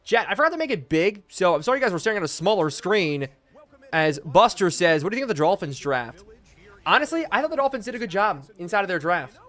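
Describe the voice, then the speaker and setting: A young man streaming a football video game live, calling plays, shouting in excitement and thanking chat. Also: sits high, soft background music. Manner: excitable, bursts into loud exclamations, thanks viewers rapidly. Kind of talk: live stream commentary while reading chat.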